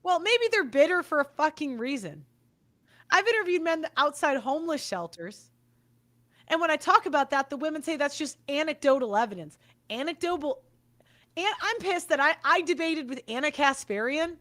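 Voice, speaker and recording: High, bright-voiced woman ranting. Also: expressive, moderate pace. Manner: swearing, ranting, repeats herself. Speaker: podcast host. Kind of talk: angry monologue.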